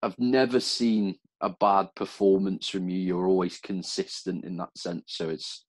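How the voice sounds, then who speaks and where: A man's voice: deep voice, flat delivery, unhurried, dry recording. A man hosting a podcast interview, asking questions in an easygoing, hesitant way with many fillers. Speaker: podcast host. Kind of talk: casual interview chat.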